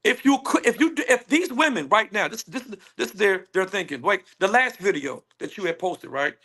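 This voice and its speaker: A man speaking on a panel call, emphatic and animated, acting out what others say to him. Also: high voice, moderate pace. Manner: animated, emphatic, acts out quoted women. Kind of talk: casual panel discussion. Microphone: phone on a call.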